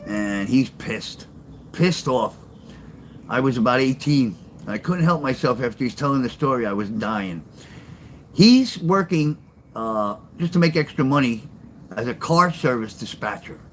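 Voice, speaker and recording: An older man talks straight to his viewers in a blunt, rambling livestream chat, doubling back on his own words. His voice sits at an ordinary middle pitch, and a faint hiss of noise runs under it. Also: lively intonation, moderate pace. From New York. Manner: blunt, rambling, repeats himself. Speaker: livestream host and storyteller. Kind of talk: casual livestream chat with chat readers.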